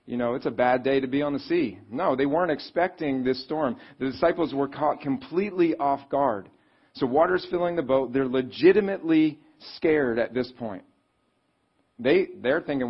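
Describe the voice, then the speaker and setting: A man preaching a sermon in a conversational, animated way, reading scripture and acting out quotes. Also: mid-range voice, husky. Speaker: pastor. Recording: slightly dull, lo-fi sound.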